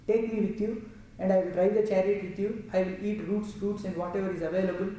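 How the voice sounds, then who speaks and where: A man's voice: high-pitched, dark tone, close to an everyday voice. A man voicing a devoted male charioteer who earnestly pleads with his lord, recorded from a distance in an echoey room.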